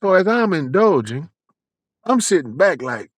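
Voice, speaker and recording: A man telling a long personal story in a casual, animated, profane way, acting out lots of dialogue. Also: a little high, a little slow, dry recording.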